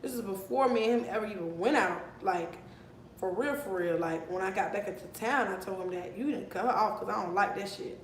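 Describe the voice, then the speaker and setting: A young woman telling a heated storytime vlog, animated and profane, recorded in an echoey room with a faint rumble. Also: a little fast. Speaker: vlogger.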